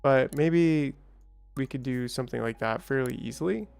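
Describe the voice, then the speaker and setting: A man's voice: medium pitch, moderate pace, creaky, a little mellow, clean tone, faint music behind. A man hosting a let's play, thinking aloud in a chatty way with small exclamations and restarts. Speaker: gaming channel host.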